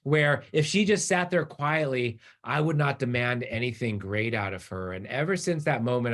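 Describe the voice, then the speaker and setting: A middle-aged man giving a conference keynote, telling stories with lively acted-out quotes. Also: medium pitch. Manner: animated storyteller, acts out voices in quotes. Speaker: keynote speaker.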